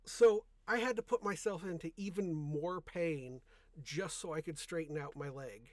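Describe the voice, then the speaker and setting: In a dry, studio-quality recording, a young man with a higher voice talks at a moderate pace. He hosts a podcast in a soft-spoken, rambling, casual style, often stopping to correct himself mid-sentence.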